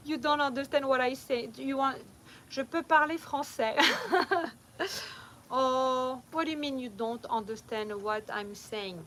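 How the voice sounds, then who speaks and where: A woman's voice: sits high, lively intonation, slow, pauses often, a bit bright, slight background noise, low-quality recording. A middle-aged woman with a strong French accent, chatting casually with viewers on a livestream and laughing often, recorded without a mic. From France. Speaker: vlogger. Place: van or home, at night. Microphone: no mic, phone or camera only.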